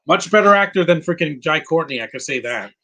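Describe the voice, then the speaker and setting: A man giving casual live movie commentary, rambling and answering viewers' questions with quick opinions. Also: on the high side, animated, pushed and bright, low-quality recording.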